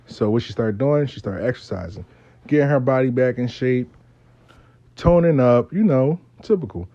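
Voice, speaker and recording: A man's voice: medium pitch, normal speed, mellow, dry recording, dull audio. A man telling a story in a casual, profane, streetwise way, speaking as host.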